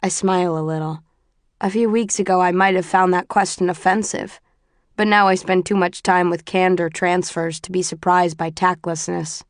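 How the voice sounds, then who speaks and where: A woman narrating a novel in the first person, with steady, even storytelling. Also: lowish voice, moderate pace, dry recording, clean studio sound. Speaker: audiobook narrator.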